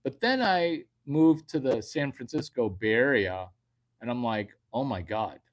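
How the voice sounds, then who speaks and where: Slow, rambling comedian. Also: male voice, medium pitch, big pitch swings. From United States. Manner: crude, rambling, repeats punchlines. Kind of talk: comedic monologue to online viewers.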